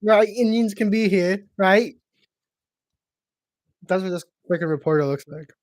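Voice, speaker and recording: Male streamer, slightly high voice, foul-mouthed and mocking, dry close sound. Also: measured pace, dry recording. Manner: crude, profane, mocking banter. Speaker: streamer hosting a watch party. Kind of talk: casual live reaction commentary.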